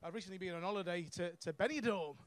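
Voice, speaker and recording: A man's voice: high voice, fast talker. A young man doing a stand-up set on a comedy club stage, brash and sweary, laughing at his own jokes.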